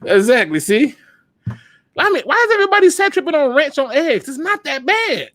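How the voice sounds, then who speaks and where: A man hosting a casual live stream, joking and reacting loudly to the chat. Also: very high voice, sing-song, normal speed, dry recording, clean studio sound. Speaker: podcast host.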